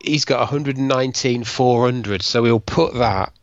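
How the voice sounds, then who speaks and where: A man's voice: medium pitch, normal speed, no echo, lo-fi sound. A man co-hosting a podcast, chatting in a blunt, jokey, slangy way. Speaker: podcast co-host. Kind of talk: casual chat.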